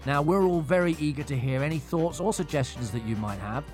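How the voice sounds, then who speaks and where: A man's voice: a little high, brisk, a little mellow, faint music behind. A man co-hosting a podcast, laid-back and chuckling, also reading the show's outro. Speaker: podcast co-host. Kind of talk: casual chat, read outro.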